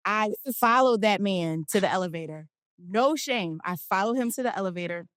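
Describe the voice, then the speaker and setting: A woman from Philadelphia, a guest telling an animated story in a casual interview and acting out the quotes. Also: medium pitch, moderate pace, smooth, no echo, clean studio sound. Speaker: guest, basketball players' union director.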